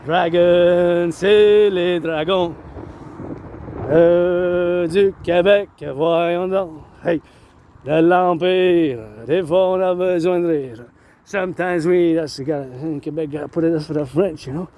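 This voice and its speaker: A man's voice: on the high side, steady tone, unhurried, dark tone, a little hiss or hum. A man outdoors downtown, chanting a freestyle marching cadence in short repeated rhyming phrases.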